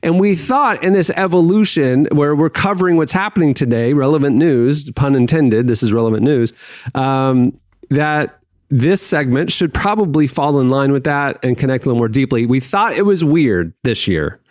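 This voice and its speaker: A man's voice: mid-range voice, lively intonation, normal speed, no room sound, studio quality. A man hosting a podcast, reading an ad and chatting in an upbeat, conversational way. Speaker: podcast host. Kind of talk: casual chat and ad read.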